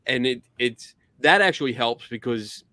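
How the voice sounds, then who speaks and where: Male podcast host, mid pitch, chatty storyteller, dry close mic. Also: moderate pace, no echo. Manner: animated storytelling, acts out quotes. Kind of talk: casual podcast chat.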